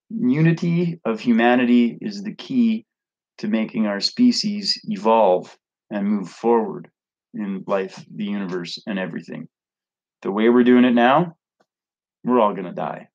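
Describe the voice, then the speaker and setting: A man's voice: fairly low pitch, lo-fi sound. A man ranting casually to camera as a vlogger, blunt, profane and rambling.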